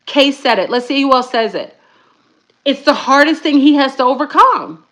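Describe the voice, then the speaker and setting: A middle-aged woman talks casually to her online audience in a fairly high voice. She is chatty and animated and keeps calling her viewers y'all. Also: normal speed. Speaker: YouTube spiritual talk host. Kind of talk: casual livestream talk to viewers.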